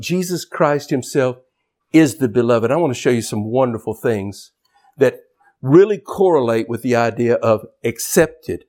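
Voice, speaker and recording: A man preaching a sermon as pastor, swinging from loud shouted emphasis to quiet, low asides.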